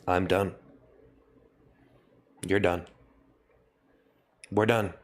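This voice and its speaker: A man live-streaming a mock-solemn apology, his voice sitting on the low side. He repeats the same confessions again and again in a deadpan way, talking to a webcam. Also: unhurried, long pauses. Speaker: livestream host.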